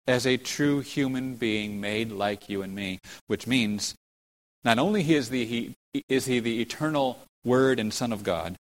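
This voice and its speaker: Earnest male preacher in a reverberant hall. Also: medium pitch. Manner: earnest, rhetorical questions, self-correcting restarts. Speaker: pastor. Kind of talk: expository sermon.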